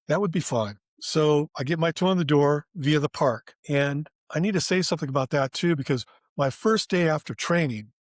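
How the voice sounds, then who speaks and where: A man's voice: fairly high pitch, no room sound, clean studio sound. An older man, a former theme park designer, telling his career story in an interview and acting out the dialogue as he goes. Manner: vivid storyteller, acts out quoted dialogue.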